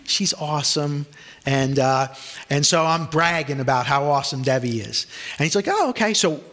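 A man's voice: mid-range voice, normal speed, a bit bright. A middle-aged male pastor preaching a sermon, telling personal stories and acting out the voices of the people in them. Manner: storytelling, acts out quoted voices.

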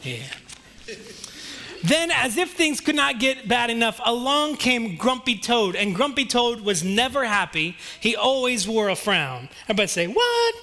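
A man's voice: extremely high pitch, lively intonation, moderate pace, bright, forceful tone. A man telling a children's story to a congregation and then preaching, with a playful, self-deprecating manner.

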